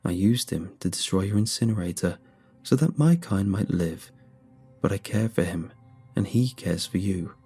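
Man voicing an ancient calm dog-dwelling mold. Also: slightly rough, soft background music. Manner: slow, low, measured.

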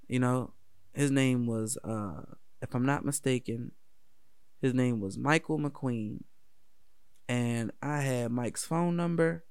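Gravelly laid-back man from D.C. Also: mid-range voice, darkish tone, dry recording, clean studio sound. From Washington, D.C. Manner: laid-back, profane, laughs often. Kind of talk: casual personal storytelling.

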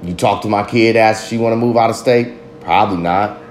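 A father delivers a candid, confessional monologue, blunt and heavy with profanity, in a brisk voice on the low side. There's slight background noise and a roomy echo.

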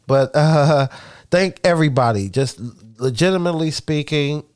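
A man's voice: a little high, moderate pace, a little mellow, smooth. A man co-hosting a podcast, talking in casual chat with profane, emphatic, joking banter. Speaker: podcast co-host.

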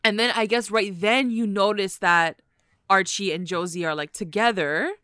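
A young woman talks through a TV episode in easy, chatty conversation, laughing often and swearing freely. Her voice is bright and forceful. The sound is dry and close. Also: medium pitch, moderate pace, no room sound. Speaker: co-host recapping a TV episode. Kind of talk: casual chat.

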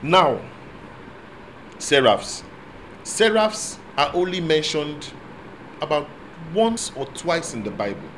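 A man preaching a sermon, moving between quiet asides and loud proclamation and asking the congregation call-and-response questions. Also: a little high, very animated, slow, long pauses, a little hiss or hum, rough recording. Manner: speaks in tongues at times.

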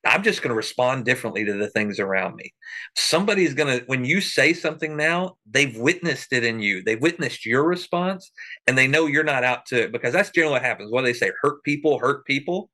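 A man's voice: mid-range voice, lively intonation, fairly quick, pushed and bright. A man co-hosting a faith podcast, making points with emphatic, preacher-like energy. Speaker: podcast co-host.

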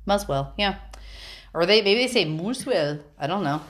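A woman's voice: fairly low pitch, expressive, moderate pace. Tipsy giggly woman telling a true-crime story. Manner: loose, swearing, giggly storytelling. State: a little tipsy from wine. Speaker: podcast host. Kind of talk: casual chat.

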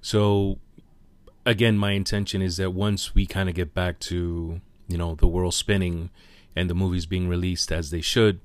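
A man's voice: low voice, little pitch movement, moderate pace, no room sound. A man hosting a podcast, talking casually and hesitating with fillers and self-corrections. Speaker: podcast host.

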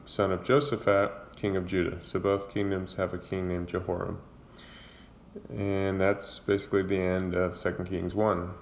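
Over slight background noise, a fairly low-pitched man gives a casual summary of a Bible book with his own commentary. He retells the scripture in his own words, stumbling through fillers and self-corrections.

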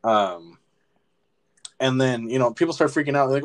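A young man co-hosting a movie podcast, retelling scenes in a rambling, profane, animated way. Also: mid-range voice, moderate pace. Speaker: podcast co-host. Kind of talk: casual movie-review chat.

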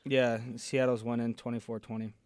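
A man's voice: mid-range voice, level tone, normal speed, a little mellow, slight background noise. A man co-hosting a casual sports chat, joking and playful.

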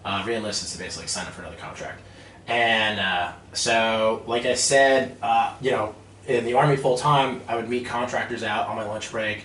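Guy in his 30s spinning a story, gets loud and laughs a lot, sounds far off in an echoey room. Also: on the low side, moderate pace. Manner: animated storyteller, acts out quotes, laughs often. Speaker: guest, army veteran turned real estate investor. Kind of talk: casual storytelling interview. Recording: roomy, distant mic with faint noise.

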